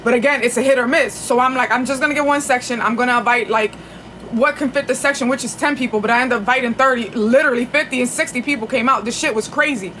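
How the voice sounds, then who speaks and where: A woman's voice: fairly high pitch, quick pace, fairly bright tone, a little hiss or hum. A woman telling a long story on a casual livestream, chatty and profane, with frequent restarts. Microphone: phone.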